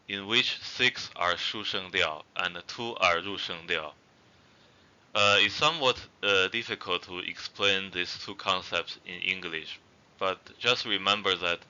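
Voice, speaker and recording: A man with a very low voice teaches a language lesson in a casual, halting way, often pausing on fillers. His tone is bright and clear, though the recording sounds somewhat dull and lo-fi. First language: not Zhuang. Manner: hesitant, many fillers and restarts.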